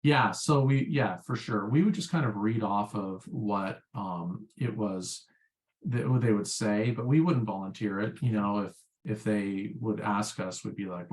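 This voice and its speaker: Man, lowish voice, casual rambling interview talk, lots of fillers. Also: measured pace. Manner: rambling, filler-heavy storytelling. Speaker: guest, former pharma sales rep.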